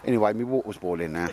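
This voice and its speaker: Low-voiced chatty man outdoors. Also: a little mellow, slight background noise. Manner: chatty and bantering, rambling asides with tag questions. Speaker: outdoor cooking vlogger. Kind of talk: casual chat to camera. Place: outdoors in woodland.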